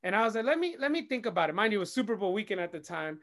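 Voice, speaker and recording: Guy with a high voice telling a story all animated, cussing, doing the other people's lines. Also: racing, creaky. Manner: expressive, swears casually, acts out quoted dialogue. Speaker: DJ and radio host, interview guest. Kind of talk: animated storytelling in casual chat.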